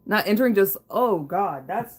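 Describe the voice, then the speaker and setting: A woman's voice: medium pitch, animated, normal speed, a little mellow, slight background noise. Chatty woman livestreaming from her kitchen. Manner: casual and profane, laughing, chatty with frequent fillers. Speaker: livestream host. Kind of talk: casual livestream chat reading viewer comments. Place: home kitchen.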